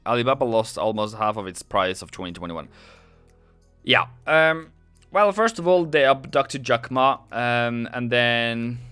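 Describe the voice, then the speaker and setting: Bright, chatty Norwegian-accented man. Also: fairly low pitch, smooth. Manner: joking, chatty, reads chat aloud. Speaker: trading live-stream host. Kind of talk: casual live-stream commentary.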